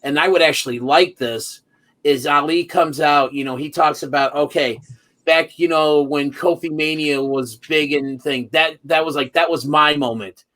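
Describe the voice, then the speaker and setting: Male podcast co-host, casual and rambling, slightly high pitch, stops and restarts a lot. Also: fairly even intonation, moderate pace, a bit bright. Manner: rambling, many fillers and restarts; acts out quotes of wrestlers. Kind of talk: casual chat.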